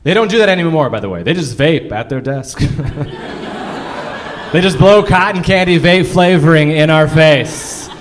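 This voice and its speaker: A young man doing a stand-up comedy set on a club stage, crude and self-mocking, with punchy delivery and bursts of shouting. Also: on the high side, lively intonation, moderate pace, background noise. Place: comedy club stage before a live audience.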